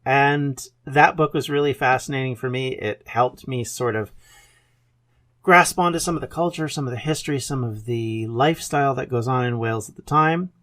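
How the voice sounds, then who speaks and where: A Canadian man in his fifties with a Canadian accent, hosting a solo podcast in a relaxed, rambling way with fillers and self-deprecating asides. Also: mid-range voice, moderate pace. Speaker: podcast host. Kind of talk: casual solo podcast monologue.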